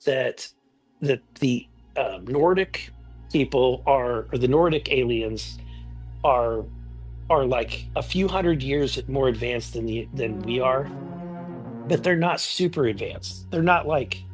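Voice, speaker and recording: Guy in an interview clip, kinda hesitant, restarts a lot, music playing behind. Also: mid-range voice. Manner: halting, lots of restarts and fillers. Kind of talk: casual interview recounting.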